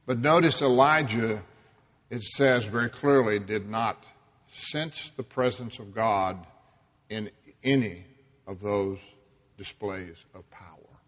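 A man preaching a sermon, emphatic, dropping to a hush and rising loud for stress. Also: on the low side, in a large hall. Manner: slow, emphatic, swings between hushed and loud.

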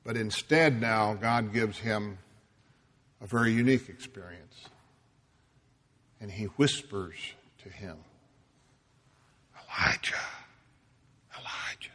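A man preaching a sermon, emphatic, dropping to a hush and rising loud for stress. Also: on the low side, in a large hall. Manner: slow, emphatic, swings between hushed and loud.

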